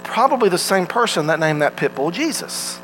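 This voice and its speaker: A man's voice: high voice, sing-song, brisk, fairly bright tone, faint music behind, rough recording. A man voicing a talking parrot in a joke from the pulpit, dry and matter-of-fact. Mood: deadpan.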